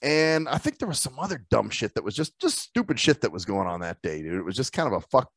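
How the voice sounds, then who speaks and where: A man's voice: medium pitch, very animated, fast talker, breathy edge, dry recording. Swearing, laughing man telling stories. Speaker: podcast co-host. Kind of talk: casual chat.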